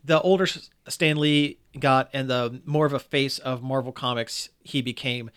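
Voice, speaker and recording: A man's voice: medium pitch, steady tone, normal speed, fairly bright tone, clear, resonant tone. Man, casual podcast chat, enthusiastic storyteller, middle-range voice, lots of fillers.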